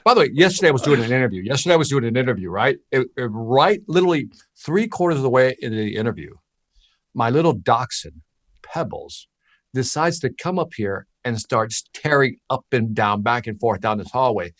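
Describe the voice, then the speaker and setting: A man's voice: mid-range voice, fairly quick, dry recording, studio quality. A man from Chicago co-hosting a podcast, telling stories animatedly and checking in with "right?". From Chicago, USA. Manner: animated storyteller, frequent "right?" check-ins. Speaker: podcast co-host. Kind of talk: casual storytelling chat.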